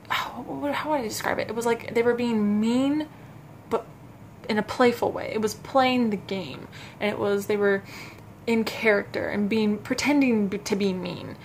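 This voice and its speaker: A young adult woman vlogging to camera, telling a personal story in a halting, self-conscious way with frequent restarts. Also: a little high, slight background noise.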